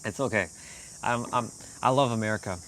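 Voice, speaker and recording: A man from Canada chatting casually on a live stream, rambling and animated, laughing often as he talks to viewers. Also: lowish voice, a little fast, a little hiss or hum.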